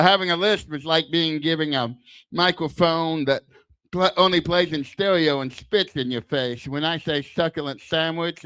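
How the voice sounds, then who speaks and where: A man's voice: on the high side, pushed and bright, clear, resonant tone, dry recording. An older man, doing a crude, self-deprecating stand-up set into a handheld mic at a small bar open mic. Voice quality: lisp. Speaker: stand-up comic. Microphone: handheld stage mic.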